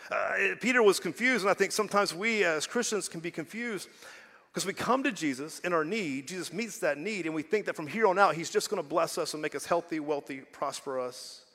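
A man's voice: high voice, fairly quick, bright, forceful tone. Conversational male pastor in a reverberant hall. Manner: conversational preaching, rhetorical questions, dynamic swings in volume. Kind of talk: sermon.

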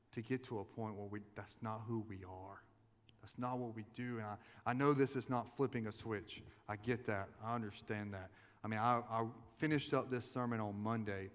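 Earnest pastor, low voice, reverberant hall. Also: male voice, clean tone. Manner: earnest and confessional, telling personal stories. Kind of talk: sermon. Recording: long reverb of a large hall.

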